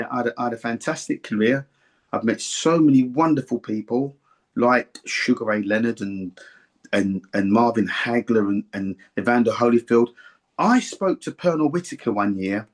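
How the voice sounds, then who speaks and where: An older man, a former boxer, telling rambling, warm-hearted anecdotes in an interview and often repeating himself. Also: medium pitch. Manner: rambling, anecdotal, repeats words and "do you see what I mean". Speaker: former boxer and boxing pundit. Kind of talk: reminiscing interview chat.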